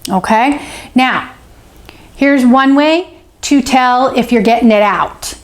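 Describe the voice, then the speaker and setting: Woman, fairly high voice, self-help host, encouraging, repeats phrases, checks in with the viewer. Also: slow pace. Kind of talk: teaching to camera, answering a viewer.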